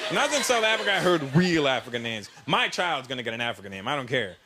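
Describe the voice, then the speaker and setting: A man doing stand-up comedy, animated and loud as he acts out characters. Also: medium pitch, fast, very noisy. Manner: animated, loud, mimicking voices. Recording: live show with loud crowd.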